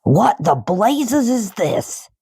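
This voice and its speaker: A towering, furious headmistress snarls insults at a child, as a woman reads her aloud. Her voice is low and dark, dragged out slowly for emphasis. The sound is dry and close. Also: animated, breathy edge, dry recording, exaggerated voice. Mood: shaken. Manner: barking insults, slow and emphatic.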